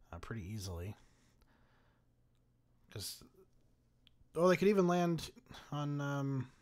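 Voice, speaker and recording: A young man giving casual strategy-game commentary, laughing often and swearing freely. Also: mid-range voice. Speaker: gaming commentator.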